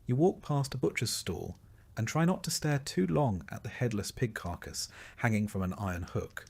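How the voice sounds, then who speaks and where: A man calmly narrating a soothing bedtime history story in the second person. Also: on the low side, creaky, breathy edge. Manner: soft, soothing and unhurried.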